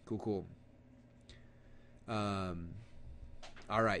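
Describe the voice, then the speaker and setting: Fast-talking man running a webinar. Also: medium pitch. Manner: animated, acts out audience quotes, lots of fillers. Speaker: webinar presenter. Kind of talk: live webinar teaching.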